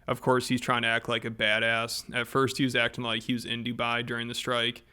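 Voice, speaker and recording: A man narrates commentary with dry sarcasm and mockery. His voice is crisp and bright, held in a fairly flat, even pitch. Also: fairly quick. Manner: sarcastic, mocking. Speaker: commentary host. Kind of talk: scripted commentary.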